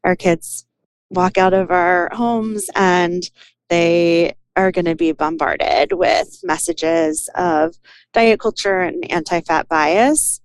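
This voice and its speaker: A woman psychologist, a guest on an interview show, speaking in a measured, explanatory way. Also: lowish voice, clear, resonant tone. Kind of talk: interview conversation.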